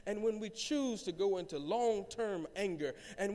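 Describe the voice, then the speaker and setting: A male pastor with a high voice preaches to his congregation. He builds in volume and calls on the people to answer back. His voice rings with the long reverb of a church sanctuary. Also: expressive, moderate pace, few pauses, mellow. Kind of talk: sermon.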